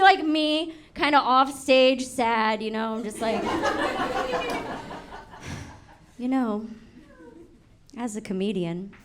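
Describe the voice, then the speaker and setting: A young woman performing a stand-up comedy set, brash and swearing, slipping into acted voices, recorded live at a show. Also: sits high. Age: young adult. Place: comedy show before a laughing audience. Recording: live show with audience noise.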